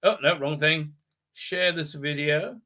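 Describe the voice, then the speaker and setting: A man's voice: on the high side, slow, bright, forceful tone. A man hosting a live stream, chatting casually in a rambling, sardonic way full of filler sounds. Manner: rambling, many filler ums and uhs, sardonic. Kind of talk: casual live review chat.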